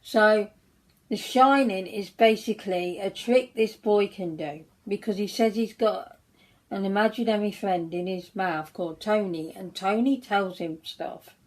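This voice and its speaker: A woman's voice: mid-range voice, unhurried, poor audio. A woman chatting casually while doing her makeup, telling a story in a rambling way with many restarts. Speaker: beauty vlogger.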